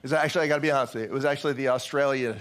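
A man's voice: mid-range voice, rapid-fire, a bit bright. A man preaching a sermon to his congregation in a conversational way, with fillers and restarts along the way. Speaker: pastor.

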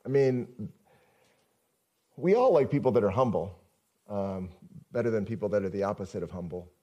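A man's voice: lowish voice, animated, moderate pace, mellow, highs cut off. A male pastor giving a conversational sermon, often asking the congregation questions.

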